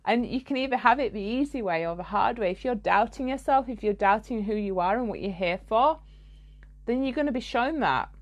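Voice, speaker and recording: A woman's voice: fairly high pitch, expressive, brisk, lo-fi sound. Blunt, profane woman coach. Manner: blunt, swears freely, laughs mid-sentence. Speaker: spiritual coach. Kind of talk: podcast monologue.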